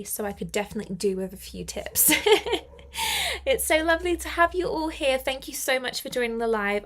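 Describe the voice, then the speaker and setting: Woman, young, English teacher on a live stream, chatty, encouraging, slightly high voice. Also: fairly bright tone. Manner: chatty and encouraging, reads viewers' comments aloud.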